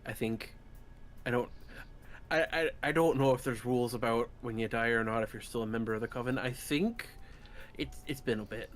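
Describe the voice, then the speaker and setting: A man's voice: medium pitch, normal speed, fairly bright tone, a little hiss or hum. A man playing a tabletop game, talking in character in a self-deprecating way and laughing often. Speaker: player. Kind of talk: in-character table-top play.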